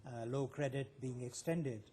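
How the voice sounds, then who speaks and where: A man's voice: mid-range voice, measured pace, warm tone. A man speaking as a guest on a live TV news panel, hesitant with frequent fillers.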